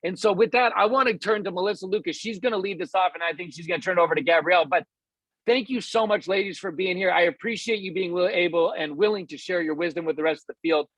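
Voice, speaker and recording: A man's voice: high-pitched, fast, fairly bright tone, no echo, low-quality recording. A man hosting a team call, making enthusiastic rallying announcements. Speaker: host of a weekly team call.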